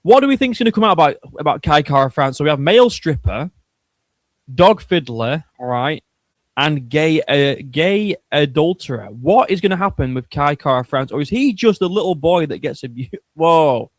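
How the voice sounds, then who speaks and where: A man's voice: a little high, lively intonation, normal speed, no echo. A man hosting a casual livestream, chatting in a joking, crude and rambling way. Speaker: streamer host.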